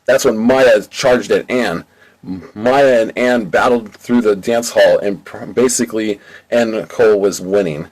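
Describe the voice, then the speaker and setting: A man's voice: lowish voice, fairly even intonation, a little slow, a little mellow, poor audio. A man narrating his own amateur audiobook in a plain, casual storytelling way. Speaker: audiobook reader. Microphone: home mic.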